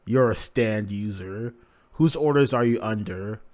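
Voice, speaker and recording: A man's voice: fairly low pitch, unhurried, a little mellow, lightly acted. A man reading the lines of a fierce, tearful young maid from a manga in his own voice. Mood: threatening.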